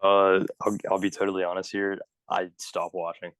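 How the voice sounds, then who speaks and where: Young man, podcast co-host, very deep voice, flat delivery, wry quips, dry close sound. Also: moderate pace, smooth, no room sound, rough recording. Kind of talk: casual sports chat.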